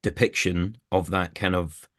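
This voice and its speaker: A man's voice: sits low, fairly even intonation, a little slow, no room sound, clean studio sound. A man, an actor as a guest, chatting casually in an interview, rambling with many restarts and fillers.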